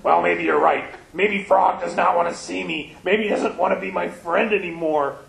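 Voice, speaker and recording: An eager, worried toad from a children's storybook, pleading in a raised voice, as a man reads him. Gravelly tone in a roomy hall. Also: high-pitched, steady tone, normal speed, a bit bright, voice pushed up, heavily acted. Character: earnest, anxious male toad.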